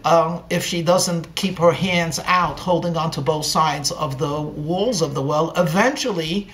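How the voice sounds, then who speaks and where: A man, a rabbi, delivers a story as part of a sermon. He moves through it slowly and deliberately, pausing often between phrases. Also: on the high side, a bit bright. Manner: slow, deliberate pacing with pauses.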